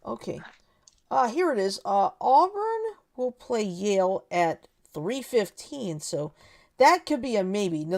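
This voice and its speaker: A woman co-hosting a relaxed chat show, talking with animated energy. Her pitch swoops widely and she laughs between thoughts. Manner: animated, laughs often, quotes cartoon lines. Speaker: podcast co-host. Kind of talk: casual chat.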